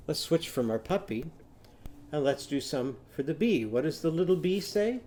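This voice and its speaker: Mellow-voiced man teaching phonics. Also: fairly high pitch, expressive, moderate pace. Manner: patient, coaxing, sing-song, prompts children to repeat. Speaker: literacy teacher. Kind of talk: children's phonics lesson with sung animal sounds.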